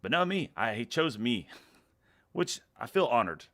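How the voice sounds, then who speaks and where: A man with a Texan accent hosts a casual livestream, reading viewer comments aloud while drinking beer, laid-back and chuckling. His medium-pitched voice is very animated and a bit bright, at a measured pace.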